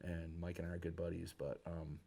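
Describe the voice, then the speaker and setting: A man from Michigan, a guest musician, telling a story casually in an interview, animated and loose with slang. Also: sits low, fairly quick, vocal fry. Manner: animated, acts out quoted people with a raised voice, casual slang. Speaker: guest musician, bass player.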